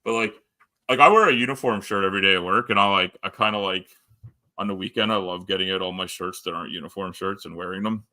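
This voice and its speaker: A man's voice: deep voice, fast, bright, forceful tone. Rambling Canadian man on a live stream. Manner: rambling, joking, lots of fillers. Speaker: host. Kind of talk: casual live-stream chat.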